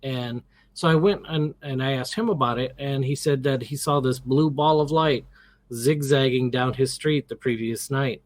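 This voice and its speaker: Here a middle-aged man, a guest in an interview, spins a casual, animated story, voicing the quotes himself and often restarting what he's saying. His pitch is medium and his pace moderate, with no echo in the recording.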